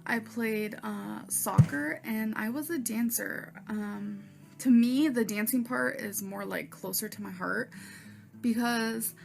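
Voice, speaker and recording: A woman vlogging in a loose, chatty way, leaning on "like" as she goes. Her voice sits a little high. Music plays steadily behind her. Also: slow pace, gravelly. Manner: chatty, peppered with "like". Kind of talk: casual vlog chat. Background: background music.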